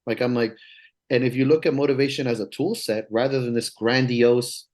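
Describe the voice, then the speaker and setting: An emphatic, swearing strength coach. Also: male voice, medium pitch, steady tone, brisk, darkish tone. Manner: emphatic, profane, rambling and earnest. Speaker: strength coach and podcast guest. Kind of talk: casual podcast conversation.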